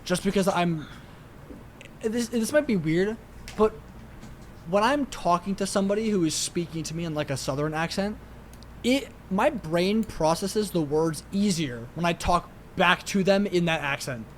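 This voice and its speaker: This young podcast co-host has a New York accent and an expressive, high-sitting voice at normal speed. He rambles and curses casually, saying "like" constantly, over a faint hiss or hum.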